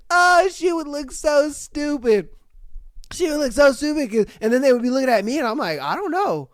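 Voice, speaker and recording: A man hosting a podcast, reading listener stories and ranting about them in a casual, profane, animated way. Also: very high voice, moderate pace, no room sound, clean studio sound. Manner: animated, profane, acts out rants loudly. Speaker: podcast host.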